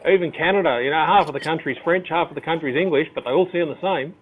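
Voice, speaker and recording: A man's voice: fairly high pitch, fast talker, narrow, tinny audio. A man with an Australian accent chatting casually on a live stream panel, laughing often and joking in slang. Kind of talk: casual chat.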